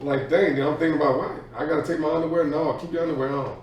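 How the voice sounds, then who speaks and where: A man telling an animated childhood story in a casual podcast chat. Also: fairly high pitch, rapid-fire, a little hiss or hum. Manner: animated, acts out voices in his story. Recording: echoey room, far from the mic.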